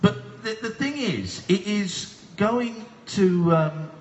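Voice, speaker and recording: A man hosting a live comedy radio chat, teasing and deadpan, from England. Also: high voice, takes it slowly, roomy sound, muffled recording. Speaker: host. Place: live stage show with audience.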